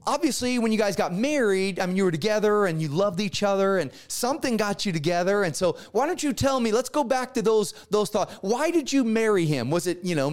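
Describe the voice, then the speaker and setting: A middle-aged male pastor telling a story in a sermon, acting out the dialogue with lively energy. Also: high-pitched, smooth.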